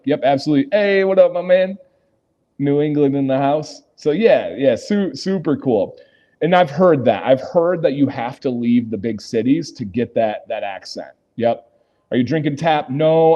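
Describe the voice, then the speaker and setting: The audio is dull as a mellow-voiced, medium-pitched man from Michigan chats through his casual livestream in a hotel lobby. He works through viewer comments and laughs often.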